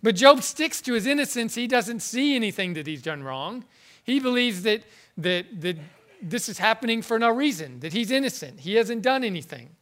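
A man preaching a sermon in an earnest, halting way, often repeating words as he goes. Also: sits high, very animated, a bit bright. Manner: earnest, halting, with frequent word repetitions.

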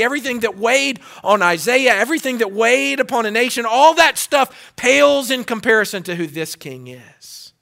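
Male pastor, high voice, bright tone, sermon, repetitive emphatic preaching. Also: creaky. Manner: preaching with repetition, rising to loud emphasis and dropping to hushed tones.

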